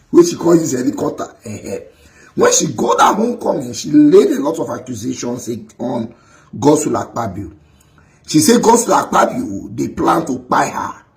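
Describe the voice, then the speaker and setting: A man with a Nigerian Pidgin accent tells events in an animated way in a casual vlog. His voice is gravelly and sits a little high. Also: low-quality recording. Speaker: commentator.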